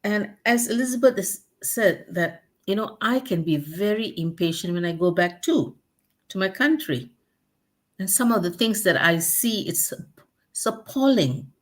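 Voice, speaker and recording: A woman's voice: mid-range voice, lively intonation, measured pace. A woman hosting a talk show, speaking earnestly and repeating key words for emphasis. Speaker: host. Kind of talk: casual chat.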